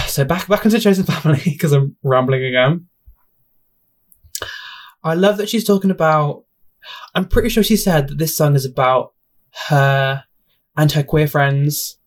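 A man's voice: on the high side, measured pace, long pauses. A young man hosting a casual solo podcast, rambling and self-deprecating, often laughing at himself, talking into a home mic. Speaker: podcast host.

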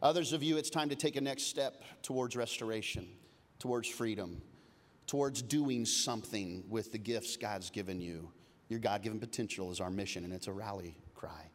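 A man in his forties preaching a sermon as a pastor, telling lively, humorous stories that swing between loud bursts and low, hushed moments. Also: moderate pace. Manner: lively storytelling, humorous asides. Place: church auditorium. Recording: long reverb of a large hall.

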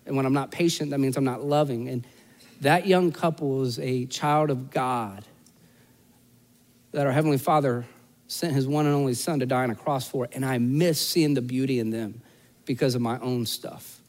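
A man's voice: medium pitch, steady tone, normal speed, darkish tone. A man preaching a sermon as pastor, telling a personal story in a casual, self-deprecating, conversational way.

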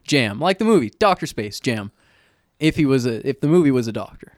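A man from the Sacramento area, a comedian guest on a podcast, making ironic deadpan jokes. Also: mid-range voice, a little fast, no echo, clean studio sound. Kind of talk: casual comedy podcast chat.

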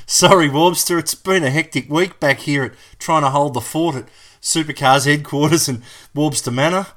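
Jokey host, excitable, pitched a bit high. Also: male voice, moderate pace. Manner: excitable, jokey, laughs a lot. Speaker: podcast host. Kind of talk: comedy podcast chat.

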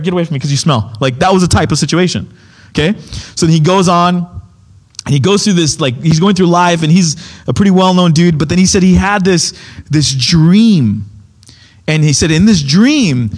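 Young man, high voice, casual preacher, acts out quotes in his story. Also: a little mellow. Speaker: pastor. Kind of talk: sermon.

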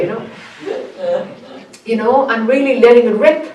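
A woman with an Irish accent, teaching a group, speaking earnestly and growing animated as she tells a story. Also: fairly high pitch, fairly quick. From Ireland. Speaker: spiritual teacher. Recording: echoey room, voice from a distance.

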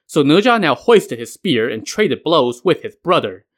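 A man's voice: fairly high pitch, very animated, normal speed. A man narrating a myth retelling in a casual way, with wry modern asides. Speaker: podcast narrator.

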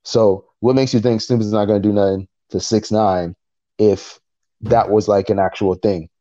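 A man co-hosting a podcast in casual chat, retelling events in an animated way and acting out what people said. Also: fairly low pitch, moderate pace. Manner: animated storytelling, acting out quotes. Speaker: podcast co-host. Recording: dull lo-fi recording.

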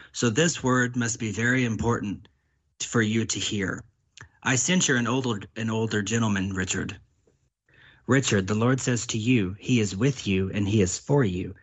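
A man acting as a prophet, delivering prophetic words in an earnest, repetitive way and often speaking as God in the first person. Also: on the low side.

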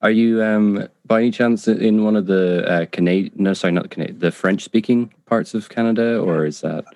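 Recorded with clean studio sound and no echo, this podcast host has a lowish, slightly mellow voice and a normal pace. English isn't his first language, and he runs the casual interview hesitantly but enthusiastically, saying um a lot.

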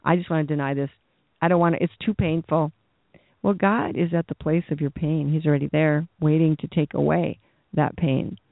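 A man's voice: on the high side, steady tone, moderate pace, creaky, dry recording. Impassioned preacher man, tinny sound. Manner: impassioned, exhorting, blunt. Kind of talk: sermon. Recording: tinny phone-like dry sound.

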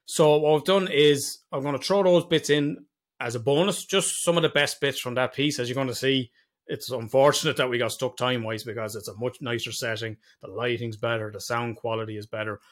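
A man's voice: medium pitch, steady tone, fairly quick. A man co-hosting a podcast in casual chat, sweary and teasing, laughing often. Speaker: podcast co-host.

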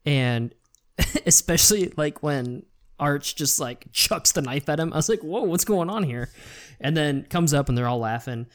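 A man co-hosting a casual movie podcast, joking and laid-back, who slips into quick voices. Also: a little high. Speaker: podcast co-host. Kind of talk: casual film discussion.

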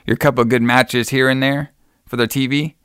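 Man, podcast co-host, crisp bright tone, blunt, swears casually. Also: mid-range voice, little pitch movement, brisk, no echo, clean studio sound. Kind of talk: casual chat.

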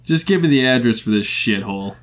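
A man's voice: mid-range voice, lively intonation, brisk, close to an everyday voice. A man voicing a curt, broke former corporate worker who speaks in a clipped, grudging way.

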